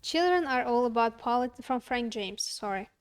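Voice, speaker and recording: A woman's voice: a little high, animated, normal speed, clean tone. A woman co-hosting a talk show, reading a viewer comment aloud and answering with curt refusals. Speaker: co-host. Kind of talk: casual chat, reading comments.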